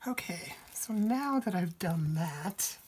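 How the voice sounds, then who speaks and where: Slow, husky-voiced woman crafter. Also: fairly low pitch, animated, a little mellow. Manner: slow, careful and explanatory. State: slightly hoarse from a cold. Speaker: craft tutorial host. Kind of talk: step-by-step tutorial narration.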